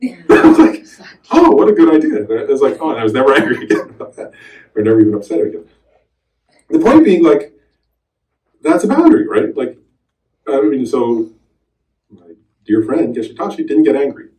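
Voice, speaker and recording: A middle-aged man giving a meditation teaching to a group, telling a personal story with animated quoted voices. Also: mid-range voice, a little fast, long pauses. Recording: roomy hall, voice from a distance.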